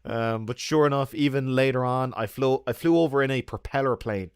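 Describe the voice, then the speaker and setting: A man in his young adult years tells stories to his stream audience with lots of energy, swearing and laughing as he goes. His voice sits at an ordinary middle pitch, and the sound is dry and close, with little room echo. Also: a little fast, clean tone. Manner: animated, swearing, laughing often. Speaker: YouTuber. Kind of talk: casual livestream chat and storytelling.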